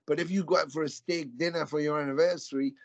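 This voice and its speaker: A man's voice: fairly high pitch, fairly even intonation, fast, no echo. A man being interviewed as a musician, talking in a rambling, reflective way with many restarts. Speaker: musician guest. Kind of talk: casual interview chat. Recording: slightly dull, dry audio.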